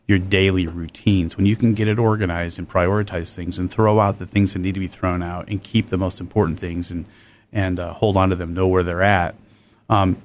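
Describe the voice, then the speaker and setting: A man who works as a business coach, a guest on a radio talk show, speaking in a relaxed, conversational way with fillers. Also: deep voice, brisk, a little hiss or hum. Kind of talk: radio interview.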